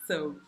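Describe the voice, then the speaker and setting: A woman vlogger casually retelling a personal story in a chatty, animated way, full of "you know" and "like".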